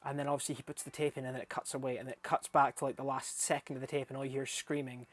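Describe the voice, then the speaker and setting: A young man rambling casually about a film in a review vlog, swearing freely and getting animated and laughing when something amuses him. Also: mid-range voice, rapid-fire.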